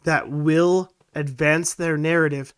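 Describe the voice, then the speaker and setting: Male co-host, scratchy tone, a touch high, blunt and dismissive. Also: fairly even intonation, takes it slowly, smooth. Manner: blunt, scornful. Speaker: podcast co-host. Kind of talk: casual opinion chat.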